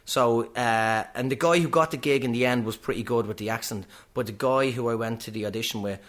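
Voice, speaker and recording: A middle-aged man with a Dublin Irish accent, chatting as a comedian guest on a podcast in a quick, clipped, animated storytelling way. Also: mid-range voice. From Ireland. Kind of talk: casual podcast chat.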